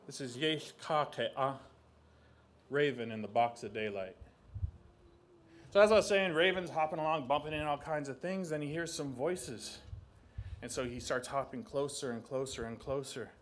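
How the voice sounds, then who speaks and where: A young man from southeast Alaska telling a traditional legend aloud, animated, with spoken sound effects. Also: medium pitch, normal speed, a little hiss or hum. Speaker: storyteller and artist. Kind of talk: oral storytelling.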